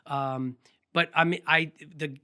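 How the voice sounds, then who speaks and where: A man being interviewed about his photography work, telling quick, energetic anecdotes in a casual, rambling way. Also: fairly high pitch, smooth. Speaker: guest photographer.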